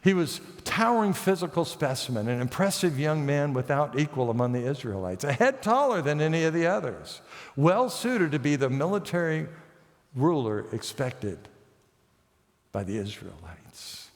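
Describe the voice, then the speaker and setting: A man preaching a sermon as pastor, telling the story lively and acting out the characters' lines with light self-mocking humor. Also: fairly high pitch, moderate pace, big-room sound. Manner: storytelling, acts out the characters' quotes. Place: church sanctuary.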